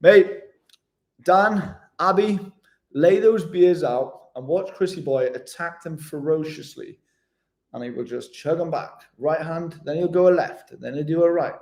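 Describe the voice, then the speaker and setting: A man's voice: on the high side, moderate pace, creaky, darkish tone. A man chatting casually with viewers on a live stream, laid-back and matey, calling everyone mate. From Wales. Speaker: travel vlogger hosting a live stream.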